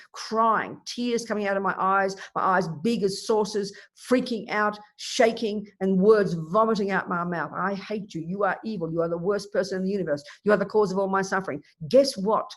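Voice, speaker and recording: A woman, a Buddhist nun, teaching a dharma talk in an emphatic, animated way with vivid everyday examples. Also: medium pitch, slightly rough. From Australia.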